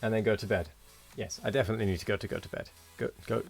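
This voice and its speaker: A man's voice: on the low side, steady tone, very fast, vocal fry, faint music behind. Tired man chatting on a game stream. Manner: tired, rambling, thanking viewers. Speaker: streamer host. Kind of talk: casual live-stream chat.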